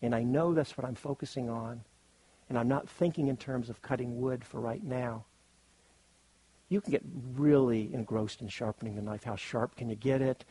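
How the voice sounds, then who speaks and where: Husky-voiced man giving a meditation talk. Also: medium pitch, warm tone, no echo, rough recording. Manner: thoughtful, searching, rephrases as he goes. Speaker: meditation teacher. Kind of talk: retreat dharma talk.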